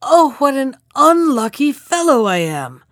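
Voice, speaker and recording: A woman's voice: mid-range voice, very animated, measured pace, no echo, clean studio sound. A woman doing a wailing, hot-tempered carter. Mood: lamenting. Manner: wailing, self-pitying laments.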